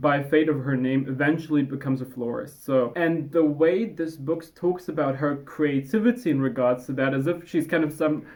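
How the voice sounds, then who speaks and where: A woman's voice: deep voice, moderate pace, hardly any pauses, a little mellow. A young woman in casual chat, sarcastically reviewing a book and reading quotes aloud with mock drama.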